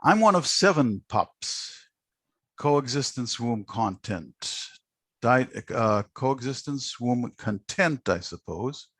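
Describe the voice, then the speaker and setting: A man hosting a poetry prize ceremony on a video call, joking gently and reading a poem aloud. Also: medium pitch, animated, no room sound. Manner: unhurried, gently joking, with frequent uh fillers. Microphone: video call microphone.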